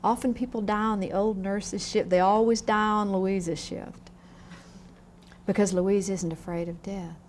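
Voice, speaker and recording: A woman's voice: medium pitch, a little slow, a little hiss or hum. Frank woman lecturing a class. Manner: frank, lively, asks the room questions. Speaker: grief educator. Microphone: on camera, room mic.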